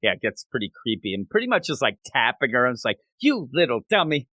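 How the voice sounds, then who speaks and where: Lively, animated man hosting a podcast. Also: mid-range voice, fast talker, no echo. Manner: animated, slips into quoting characters. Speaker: manga podcast host. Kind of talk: casual podcast review chat.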